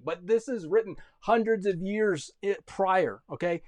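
A passionate male preacher in his thirties with a voice pitched a little high. He moves between fervent, loud exhortation and hushed, personal storytelling. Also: unhurried, few pauses. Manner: impassioned, swings from loud urgent calls to quiet intimate storytelling. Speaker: pastor. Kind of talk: sermon.

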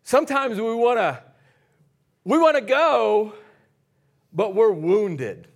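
High-voiced energetic male pastor. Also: slow. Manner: energetic, conversational preaching with sudden loud and soft swings. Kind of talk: sermon.

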